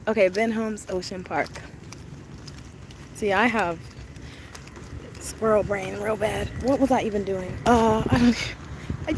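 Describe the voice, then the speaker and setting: A woman's voice: medium pitch, normal speed, pauses often. A young adult woman, gushing and chatty as she live-streams a walking tour of an outdoor park on her phone. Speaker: travel vlogger. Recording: outdoor noise, wind and ambience.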